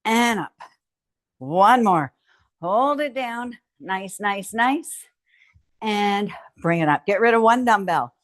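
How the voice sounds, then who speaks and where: A woman's voice: medium pitch, lively intonation, takes it slowly, no room sound. A woman fitness instructor coaching a home strength workout, cueing each move and cheering the viewer on. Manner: encouraging, cueing moves with frequent cheers.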